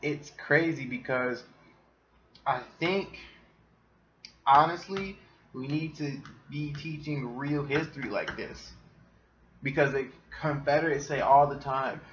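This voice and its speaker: A man's voice: a little high, unhurried, dull audio, a little hiss or hum. A man hosting a casual solo podcast, ranting with lots of swearing and frequent laughter. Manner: profane, animated, laughs often. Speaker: podcast host.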